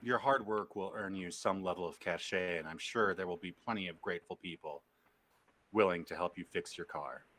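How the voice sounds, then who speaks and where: A man's voice: low-pitched, normal speed, bright, forceful tone. A man acting as game master, narrating in character and playfully stumbling over his words.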